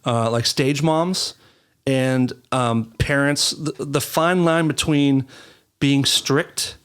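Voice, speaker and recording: A man in his thirties co-hosting a podcast, telling stories in casual chat, expressive and swearing freely. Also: mid-range voice, slow pace, clear, resonant tone. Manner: expressive, swearing, laughing storyteller. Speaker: podcast co-host.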